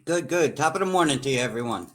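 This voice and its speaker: A man, the show's producer, chatting calmly and plainly with the host. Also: mid-range voice, quick pace. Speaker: show producer. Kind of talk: casual talk show chat.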